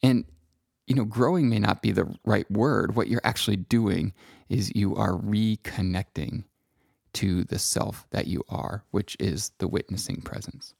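A middle-aged man talks in a slow, contemplative monologue, pausing often as he reflects. His low voice carries a gravelly fry. The sound is dry and close, with no room around it. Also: fairly even intonation, no room sound. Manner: slow, gentle and contemplative, with long pauses. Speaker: self-help speaker.

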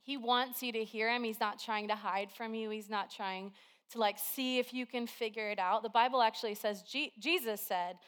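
A woman's voice: fairly high pitch, fairly even intonation, moderate pace, fairly bright tone. A woman preaching a sermon to a congregation, telling everyday stories in a chatty, conversational way. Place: church service with a congregation.

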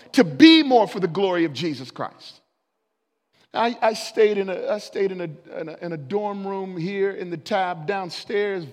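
A man preaching a sermon in a large sanctuary, fervent and building to forceful declarations. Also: high voice. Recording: long reverb of a large hall.

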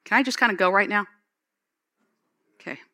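A woman pastor giving an excited, exclamatory sermon, later leading the congregation in prayer. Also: mid-range voice, normal speed. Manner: ends in spoken prayer.

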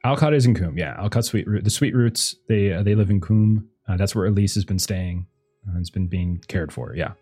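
A man's voice: low-pitched, a little fast, mellow, breathy edge, soft background music. A man narrating a tabletop role-playing game as game master, rambling with many fillers.

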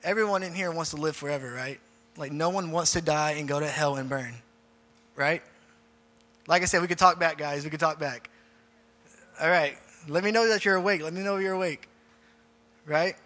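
Leading a group prayer during an informal youth sermon with an altar call, the pastor speaks at a normal speed with long pauses. His voice is on the high side, bright and forceful, and he repeats phrases often. Faint music plays in the echoing church hall.

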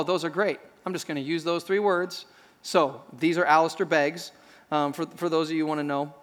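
Pastor, male, higher-pitched voice, humorous storyteller in the pulpit. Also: long reverb tail. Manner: animated storytelling with self-deprecating humor. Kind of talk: sermon.

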